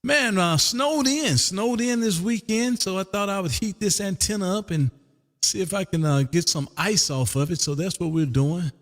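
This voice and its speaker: Speaking at normal speed with a high, fairly bright voice and a long reverb tail, a man runs his ham radio station from Texas. As operator and stream host he keeps the on-air chat casual and drawling, repeats phrases and his call sign, and says "man" constantly.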